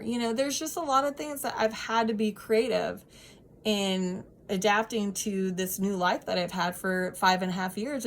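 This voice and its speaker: A woman's voice: mid-range voice, moderate pace, slight background noise. A woman in her thirties talking casually to her viewers, earnest and heartfelt, with frequent ums and restarts. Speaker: vlogger sharing personal experience. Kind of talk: casual advice chat to camera.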